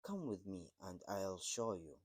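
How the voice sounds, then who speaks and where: A man's voice: low-pitched, sing-song, measured pace, a little mellow, full character voice. A man reading the part of a lonely, secretive young girl in an earnest, pleading way.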